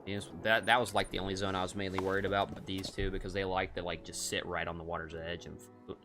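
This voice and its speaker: A man's voice: sits low, flat delivery, quick pace, background noise. A man streaming a hunting game, giving casual, rambling commentary and cracking jokes as he thinks aloud.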